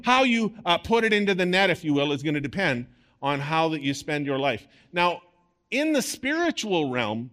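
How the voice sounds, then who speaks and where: A man preaching a sermon to a congregation, animated and playful, with bursts of sports-commentator delivery. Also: fairly high pitch. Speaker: pastor.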